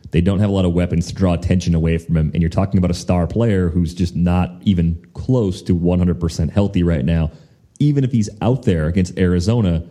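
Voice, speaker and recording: Deep, dark-voiced man talking football. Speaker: fantasy football podcast host. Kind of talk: casual sports chat.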